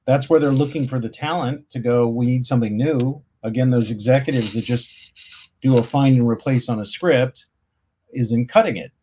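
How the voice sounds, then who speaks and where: Man, podcast guest, mid pitch, casual explaining, hesitant restarts. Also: normal speed, mellow, slightly rough. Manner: explanatory, many fillers and restarts.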